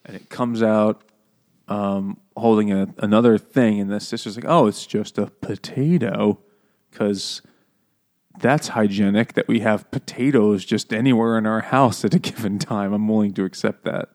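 A man's voice: on the low side, steady tone, darkish tone. Joking, profane man recapping a book. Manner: joking, profane, quick asides. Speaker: podcast co-host. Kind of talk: casual chat, recapping a book.

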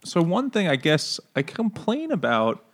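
A man's voice: high voice, wildly swooping pitch, unhurried. A man co-hosting a casual podcast over beers, joking, swearing and laughing often. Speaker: podcast co-host.

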